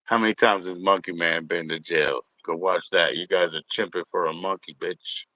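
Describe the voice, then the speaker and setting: A man's voice: deep voice, steady tone, moderate pace, sharp tone, dry recording, rough recording. A man hosting a casual livestream from home, rambling, swearing and mocking trolls in chat. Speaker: livestream host.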